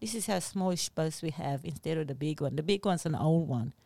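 A woman co-hosting a podcast, telling stories in an animated, earnest way with simple phrasing. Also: deep voice, a little fast, vocal fry, no room sound. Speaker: podcast co-host. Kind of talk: casual chat, storytelling.

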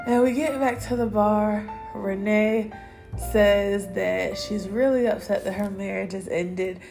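Woman podcast host doing a solo recap, gravelly fry in her voice, blunt and slangy. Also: medium pitch, fairly even intonation, measured pace, a little mellow, soft background music. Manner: candid, opinionated, slangy. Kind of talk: casual solo recap chat.

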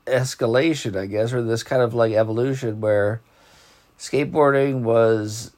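A man's voice: medium pitch, steady tone, measured pace, a little mellow. A man hosting a podcast in casual chat, rambling in laid-back slang and yawning as if sleepy. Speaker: podcast host.

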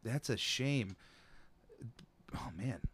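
A young man hosts a relaxed podcast chat. He has a bright, forward tone and tells his stories in an animated way with quick asides. The sound is dry and close. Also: medium pitch, husky, no echo. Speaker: podcast host. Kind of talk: casual chat.

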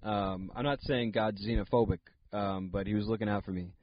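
A young man with a lowish voice hosts a solo comedy podcast, telling a rambling story full of "um" and side remarks. The sound is dull and lo-fi, and very dry, with no room around it. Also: steady tone, a little fast, no room sound. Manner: rambling, many fillers and asides.

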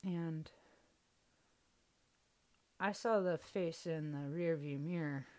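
A woman's voice: deep voice, slow pace, a little mellow. A young woman hosting a podcast, telling a personal story in a candid, casual way and swearing freely. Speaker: podcast host.

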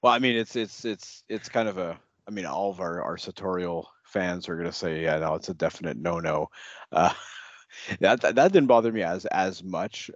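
A male podcast co-host with a very low voice, talking about a film in halting, hedging phrases. The recording is dry and slightly dull, with no room sound. He stops and restarts often. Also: no room sound. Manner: halting, with frequent restarts and hedges. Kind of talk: casual film review chat.

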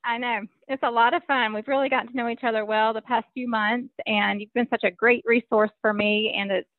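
A woman's voice: a little high, fairly even intonation, fairly quick, dry recording. Friendly woman from Alabama on a tinny line. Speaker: podcast guest, legal marketing professional. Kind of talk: casual interview chat. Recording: tinny phone-line sound.

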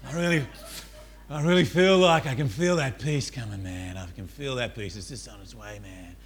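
A man's voice: medium pitch, natural voice. A man doing a dreamy laid-back drawler. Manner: slow drawling, repeats "man".

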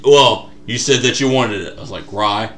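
Animated storytelling man on a podcast. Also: medium pitch, normal speed. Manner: animated storyteller, acts out quotes. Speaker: podcast co-host. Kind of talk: casual chat.

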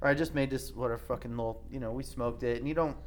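A man's voice: mid-range voice, quick pace. A man co-hosting a podcast, telling rambling, profane stories in casual chat. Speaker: podcast co-host.

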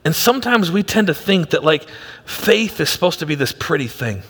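A male pastor delivers a sermon, pushing hard on some phrases and dropping to a hush on others. His voice sits high and bright. A long reverb trails after him in the church hall. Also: sing-song, moderate pace, breathy edge. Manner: emphatic, swinging from loud to hushed.

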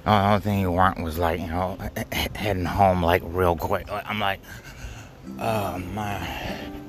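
A man rambling through an absurd monologue, halting and stammering, full of fillers and offhand swearing. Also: sits low, steady tone. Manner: halting, stammering, repeats words, heavy fillers; profane, offhand. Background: music.

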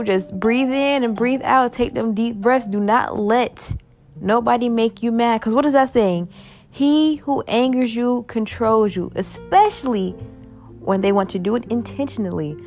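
A woman in her twenties hosting her own podcast, talking in a chatty, upbeat and animated way. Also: medium pitch. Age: 20s. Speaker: podcast host. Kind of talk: casual solo podcast chat.

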